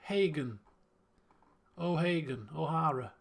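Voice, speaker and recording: A man's voice: a little high, animated, slow pace, vocal fry. A man streaming a detective game, thinking aloud and muttering to himself as he works through clues. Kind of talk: let's play commentary.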